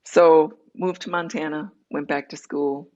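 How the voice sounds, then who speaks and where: A woman's voice: deep voice, fairly even intonation, dark tone, lo-fi sound. A woman being interviewed, telling her personal story candidly and acting out the dialogue as she goes. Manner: candid, tells her story in quick runs with acted-out dialogue. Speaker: interview guest.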